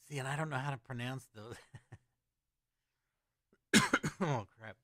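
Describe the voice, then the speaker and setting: A man's voice: mid-range voice, slow pace, pushed and bright, no room sound, studio quality. A man hosting a casual livestream who chats loosely and reads out questions from his chat. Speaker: livestream host answering chat.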